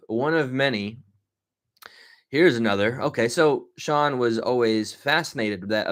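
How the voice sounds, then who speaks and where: Rambling, sleep-deprived man telling stories. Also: medium pitch. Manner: rambling, with many restarts and fillers. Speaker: vlogger. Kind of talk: casual storytelling monologue.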